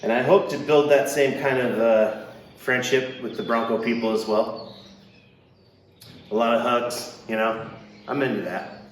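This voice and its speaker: A man's voice: medium pitch, steady tone, a little slow, long pauses, slight background noise. A man hosting a car restoration vlog, walking through his build with wry, self-deprecating jokes. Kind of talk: casual joking walkthrough. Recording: echoey workshop, mic at a distance, faint ambience.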